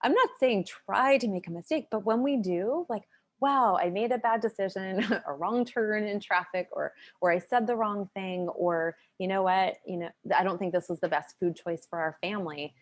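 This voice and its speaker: An earnest, animated woman at a middle pitch, sharing advice as a guest in a conversational interview. She sounds like she is talking over a video call. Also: moderate pace. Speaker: guest educator.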